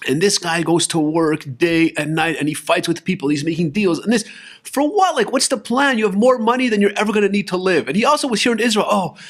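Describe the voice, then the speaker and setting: A man's voice: high-pitched, quick pace, fairly bright tone. A young man speaking casually, urging listeners to move to Israel and telling stories with voiced quotes and frequent restarts. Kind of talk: casual spoken talk. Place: lives in Israel.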